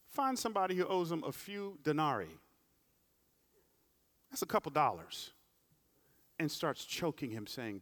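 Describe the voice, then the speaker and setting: A man preaching a sermon, swinging between big loud climaxes and quiet, humorous storytelling asides. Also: on the high side. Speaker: pastor.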